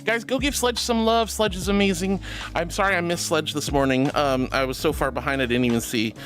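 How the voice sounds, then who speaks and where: A man's voice: a little high, steady tone, fairly quick, a bit bright, faint music behind. A man streaming live, reading viewer messages aloud and calling them sweetie and honey.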